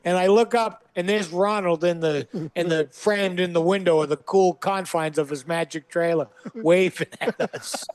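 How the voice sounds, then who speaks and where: A comedian telling a story with punchy comic timing, acting out the lines of the people in it. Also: male voice, sits high, fairly even intonation, moderate pace, hardly any pauses, smooth, no room sound. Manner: punchy comic delivery with acted-out quotes. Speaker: guest comedian. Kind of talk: animated storytelling. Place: studio.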